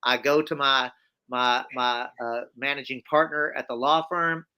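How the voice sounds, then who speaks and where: A man, a guest in a conversational interview, telling his story in an animated, emphatic way with frequent restarts and repeated phrases. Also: medium pitch, unhurried, clear, resonant tone.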